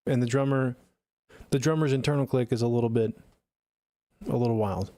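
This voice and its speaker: A man's voice: mid-range voice, fairly even intonation, brisk, warm tone, no echo. A man streaming music feedback from a home studio closet, talking in a laid-back, rambling and profane way. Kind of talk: casual live-stream chat.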